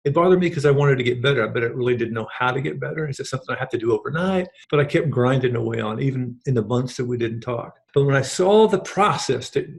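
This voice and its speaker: A middle-aged man, a program participant, delivers an earnest, rambling personal testimonial, restarting often and acting out quoted conversations. His mid-range voice is animated and creaky, moving at a quick pace with few pauses.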